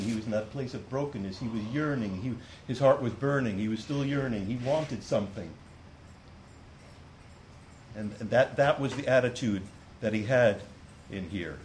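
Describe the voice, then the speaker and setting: A man's voice: mid-range voice, slight background noise, rough recording. A man preaching a sermon to a congregation, reading scripture aloud and explaining it with earnest restarts. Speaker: pastor.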